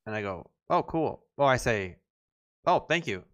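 A man's voice: mid-range voice, big pitch swings, measured pace, a bit bright. A man co-hosting a podcast, telling rambling stories in casual chat with lots of fillers and restarts. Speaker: podcast co-host.

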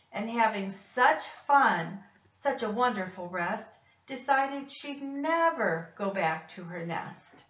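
A woman reading a rhyming picture book aloud with measured, expressive delivery. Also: medium pitch. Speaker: storyteller. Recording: dull, roomy, distant recording.

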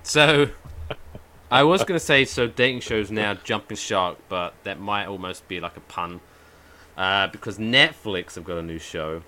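A man co-hosting a podcast in casual chat, animated storytelling with free swearing. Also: lowish voice, measured pace. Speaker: podcast co-host.

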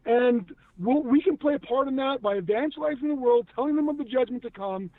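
A man's voice: very high-pitched, brisk, no room sound. A man, a guest who once acted and now works in news media, talking earnestly and emphatically about faith in a casual conversation, with many restarts. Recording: tinny phone-like line, dry.

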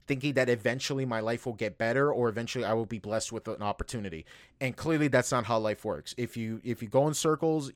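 A young man chatting on a podcast in a loose, rambling way. He swears freely and leans on fillers as he vents. His voice is dry and close, with no room sound, and it sits at a middle pitch. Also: dry recording. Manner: rambling, profane venting with lots of fillers. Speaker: podcast host. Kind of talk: casual podcast chat.

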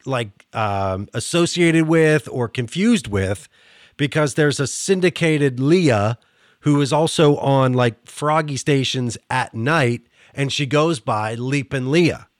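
A man's voice: mid-range voice, slow pace, dry recording, studio quality. A man from the Pittsburgh area with a Pittsburgh accent, hosting a casual interview. He laughs often and keeps restarting his sentences. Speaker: podcast host.

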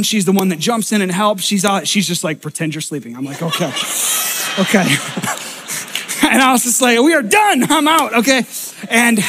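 High-voiced pastor telling a funny story. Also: male voice, a little hiss or hum. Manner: animated, self-deprecating storytelling with laughter. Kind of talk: storytelling sermon.

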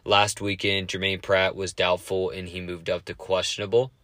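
Fast-talking, cussing man with a deep voice. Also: little pitch movement, a bit bright, no room sound. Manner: fast, profane, rambling. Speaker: sports podcast host. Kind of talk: casual sports talk.

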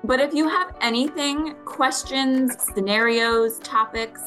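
A woman's voice: high-pitched, takes it slowly, fairly bright tone, soft background music. A woman co-hosting a podcast, talking in an encouraging, reflective way. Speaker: podcast co-host. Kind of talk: casual chat.

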